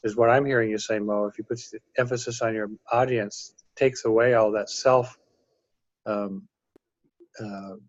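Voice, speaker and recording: A man's voice: on the low side, fairly even intonation, normal speed, no echo. A man in a casual webinar discussion, agreeing with the speaker and groping for the right words. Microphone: video call. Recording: dull lo-fi webinar audio.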